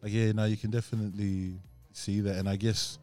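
A man's voice: fairly low pitch, little pitch movement, fairly quick, mellow, soft background music. A man hosting a podcast, talking casually with many fillers and restarts. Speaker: podcast host. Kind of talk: casual chat.

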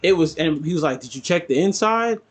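A man's voice: fairly high pitch, a little fast. A man on a podcast telling a story in casual chat, acting out what family members said. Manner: animated, acts out quotes of family. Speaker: podcast co-host.

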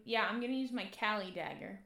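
A woman's voice: mid-range voice, fast, pushed and bright, reverberant. A woman playing a tabletop role-playing game, playful and eager as she states her moves. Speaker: player.

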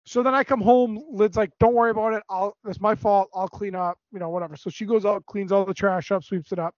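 A high-voiced man tells a rambling story with plenty of swearing and energy. His voice sits dry and close in a dull, lo-fi recording. It sounds like casual podcast chat. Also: quick pace, dry recording. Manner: animated, profane storytelling. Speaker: podcast co-host.

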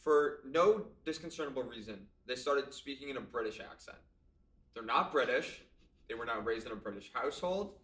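A man's voice: mid-range voice, lively intonation, moderate pace, fairly bright tone, recorded from a distance. A young man co-hosting a podcast in casual chat, rambling with lots of ums and likes and cracking jokes. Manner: chatty, many ums and likes, jokey. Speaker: podcast co-host. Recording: echoey room, voice a bit off-mic.

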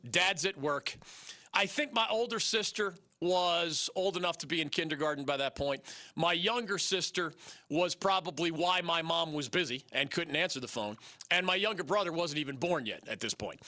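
A man in his fifties hosting a sports talk radio call-in show, telling a story in an animated way and chuckling between lines. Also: high voice.

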